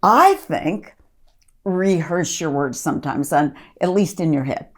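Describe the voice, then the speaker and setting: A woman's voice: low-pitched, measured pace. A woman ministry leader giving an earnest podcast teaching talk, reading scripture aloud and coaching listeners.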